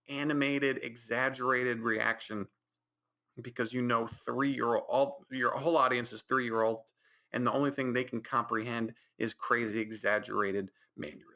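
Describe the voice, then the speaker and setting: A man's voice: mid-range voice, vocal fry, sharp tone. A man hosting a podcast, rambling through a mocking recap of a movie with many restarts and put-on reactions. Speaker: podcast host.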